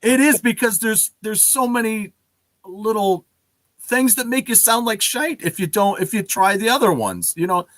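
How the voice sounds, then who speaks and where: A man's voice: sits high, expressive, normal speed, a bit bright, no echo. Laid-back American male podcast host. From United States. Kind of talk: casual interview chat.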